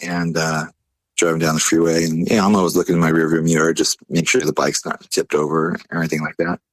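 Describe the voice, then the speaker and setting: Low-voiced laid-back man. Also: fast, dry recording. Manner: animated, acts out quotes in a higher voice; laid-back, lots of fillers and "like". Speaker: podcast guest. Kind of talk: casual storytelling.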